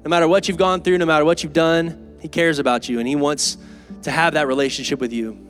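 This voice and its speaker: A pastor preaching an earnest, emphatic and conversational sermon in a church. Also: male voice, a little high, fairly even intonation, fast, soft background music. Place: church sanctuary.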